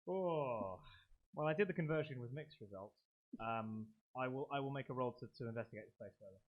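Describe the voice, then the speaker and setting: A man's voice: medium pitch, fairly quick. A man playing in a tabletop game, thinking aloud tentatively with many ums. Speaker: player. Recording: slightly dull recording.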